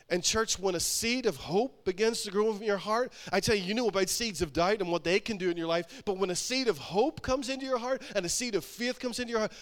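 A male pastor preaching a sermon, emphatic and repetitive, building to loud exhortation. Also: high voice.

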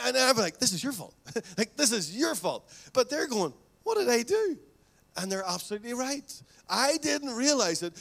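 A male pastor preaching a sermon, telling stories with lively asides and acting out quoted voices. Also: sits high. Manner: animated storytelling, acts out quoted voices.

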